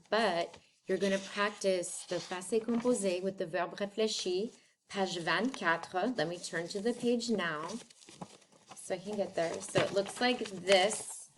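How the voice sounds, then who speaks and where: A woman's voice: medium pitch, fairly bright tone, a little hiss or hum. A woman French teacher recording a lesson at home, talking in a friendly, chatty way and switching between English and French.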